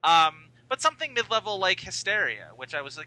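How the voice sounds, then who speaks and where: A man's voice: a little high, sing-song, fast, hardly any pauses, sharp tone, low-quality recording. A man co-hosting a casual film podcast, chatty and hedging, thinking aloud with many fillers. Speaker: podcast co-host.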